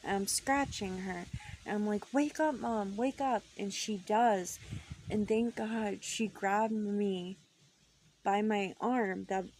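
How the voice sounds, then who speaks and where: A woman's voice: medium pitch, steady tone, slow pace, a little mellow, a little hiss or hum. A woman casually telling a true paranormal story from her childhood, chatty and dropping into whispers for suspense. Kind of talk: casual first-person storytelling.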